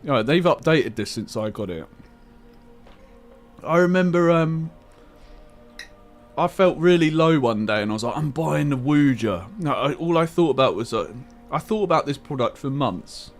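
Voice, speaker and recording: A man's voice: fairly high pitch, animated, moderate pace, pauses often, faint music behind. A man hosting a livestream, chatting casually and bluntly, laughing easily and swearing now and then. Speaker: livestream host. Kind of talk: casual chat. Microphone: headset.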